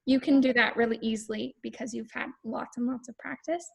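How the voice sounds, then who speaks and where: A woman's voice: fairly high pitch, steady tone, brisk, gravelly, husky. A woman, a voice student, chatting casually and searching for words as she talks. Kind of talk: casual chat.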